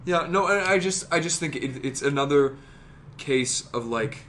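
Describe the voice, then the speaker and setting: A man co-hosting a podcast in casual chat, rambling and excitable, swearing freely as he tells stories. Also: a little high, moderate pace, a little hiss or hum. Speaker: podcast co-host.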